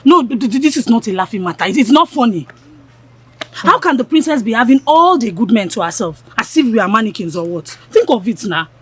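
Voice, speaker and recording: A woman's voice: fairly high pitch, sing-song, a little fast, slight background noise. An actress playing a spiteful, scheming young village woman who talks with scorn and insults. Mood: indignant. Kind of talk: Nollywood film acting.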